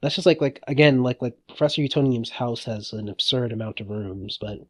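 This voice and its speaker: A man co-hosting a podcast, chatting in an excitable, rambling way and laughing often. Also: medium pitch, fairly quick, no echo. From United States. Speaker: podcast co-host. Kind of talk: casual chat.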